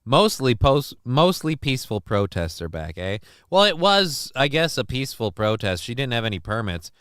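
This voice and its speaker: Smooth-voiced man hosting a live stream. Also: mid-range voice, very animated, normal speed, a bit bright, no room sound, studio quality. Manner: rambling, chats with viewers, reads news aloud. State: fuzzy, wiped out. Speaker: show host. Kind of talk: casual live-stream talk.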